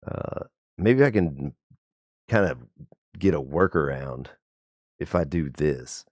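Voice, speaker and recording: A man with a very deep, low voice rambles and jokes through a casual live stream. He swears freely as he talks into a headset mic. The sound is dry and close, with no room around it. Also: animated, slow, a little mellow, no echo. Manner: rambling, profane and jokey. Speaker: livestreamer.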